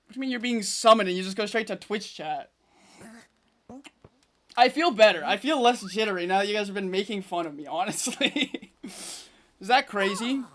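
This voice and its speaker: A man's voice: high voice, normal speed, pauses often. A young man live-streaming a game from home, chatting with his viewers, laughing a lot and joking at his own expense. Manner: excitable, self-mocking, laughs often, talks to chat. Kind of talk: casual live-stream chat while gaming.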